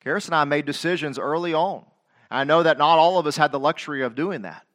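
Middle-aged pastor guy preaching, kinda high bright voice, keeps repeating himself, gets loud on the bible verses. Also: fast. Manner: emphatic preaching, rises to loud King James quotations; repeats phrases, direct questions to the congregation. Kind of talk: sermon.

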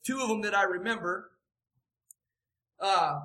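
A man's voice: high-pitched, a little slow, bright, forceful tone. A man preaching a sermon, emphatic and repeating his key phrases for weight.

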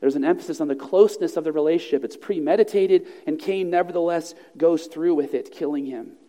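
A man preaching a sermon to his congregation, measured and earnest, slowing down to stress key phrases. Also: fairly high pitch, warm tone. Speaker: pastor. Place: church sanctuary. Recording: long reverb of a large hall.

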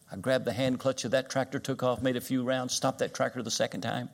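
Older Kentucky preacher telling stories. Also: male voice, medium pitch, fairly even intonation, fast talker, creaky, hardly any pauses. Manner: folksy storytelling, plain-spoken. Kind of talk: sermon.

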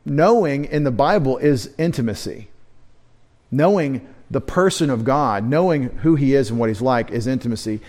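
A man, a pastor, preaching an earnest midweek sermon, slowing down to stress key words. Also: mid-range voice, animated, a little mellow. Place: church service.

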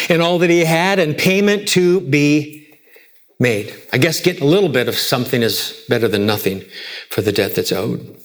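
A man preaching a sermon, emphatic, asking rhetorical questions and swinging between soft low lines and raised high ones. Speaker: pastor.

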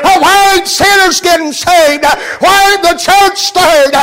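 A man preaching, acting out a despairing biblical man crying out to God in a very high voice. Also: measured pace, rough recording. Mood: anguished pleading. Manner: fervent, crying out.

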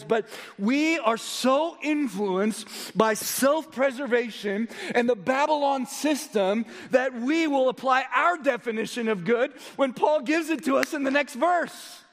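A male pastor with a high voice delivers a sermon, firing rhetorical questions at his listeners. He moves between loud emphasis and low, quiet stretches. His words ring with the long reverb of a big hall.

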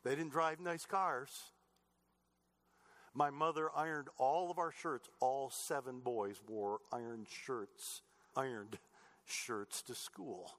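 A middle-aged man preaching a sermon, telling family stories earnestly, moving between loud emphatic lines and soft, low asides. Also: fairly even intonation, takes it slowly. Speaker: pastor.

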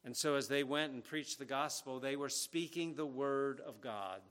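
A man's voice: mid-range voice, moderate pace, a bit bright. A man preaching an expository sermon, earnest and emphatic, leaning hard on key phrases.

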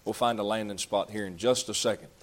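A man's voice: fairly low pitch, fairly even intonation, fast. A man preaching a sermon, reading scripture aloud and explaining it in folksy, conversational asides.

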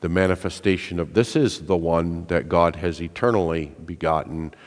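A man's voice: deep voice, steady tone, normal speed. A man preaching a sermon in an earnest, emphatic way, putting rhetorical questions to his listeners. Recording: reverberant hall.

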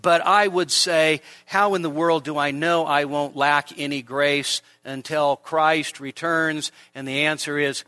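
Bright-voiced male pastor preaching animatedly. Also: a little high, a little slow, hardly any pauses, no room sound. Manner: animated preaching with humor and rhetorical questions. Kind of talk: sermon. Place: church.

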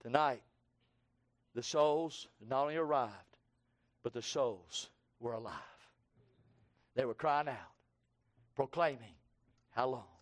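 A man preaching a sermon, rising from low, quick passages to shouted, fervent proclaiming.

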